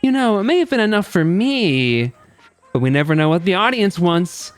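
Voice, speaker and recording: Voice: mid-range voice, very animated, normal speed, clear, resonant tone, no room sound, soft background music, voice pushed up, natural voice. A streamer voicing a gleeful, sadistic game-show host in a game, with mocking showman patter. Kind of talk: reading game dialogue aloud.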